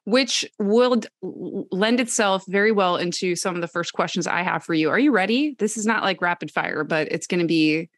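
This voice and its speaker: A woman's voice: on the low side, moderate pace, hardly any pauses, dry recording, studio quality. A woman guesting on a podcast, joking and chatting. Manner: bubbly, joking, laughs often. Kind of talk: casual chat.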